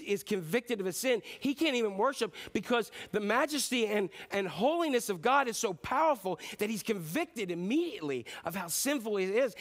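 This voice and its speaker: A man preaches to his church with a lighter, higher voice than most men. He is animated and playful, acting out voices and repeating words for emphasis. It sounds like a pastor's sermon delivered from the pulpit. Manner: animated, acts out voices and repetitions.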